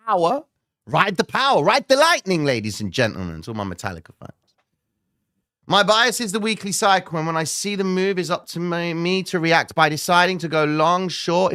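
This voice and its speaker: A male trading show host answering questions in a blunt, swearing rant that jumps from low muttering to loud outbursts. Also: gravelly, no echo, studio quality. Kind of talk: live trading Q&A, animated rant.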